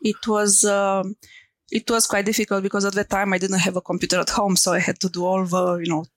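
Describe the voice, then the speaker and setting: A woman's voice: mid-range voice, flat delivery, brisk, no echo. A middle-aged woman from Romania with a Romanian accent, talking hesitantly as an interview guest, with many fillers and laughs. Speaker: guest, entrepreneur. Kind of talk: conversational interview.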